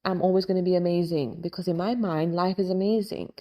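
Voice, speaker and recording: Woman giving an animated motivational talk. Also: on the low side, brisk. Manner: animated, acts out quoted inner dialogue; casual, repetitive affirming delivery. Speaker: host, hypnotist and life coach. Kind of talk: motivational faith-based talk.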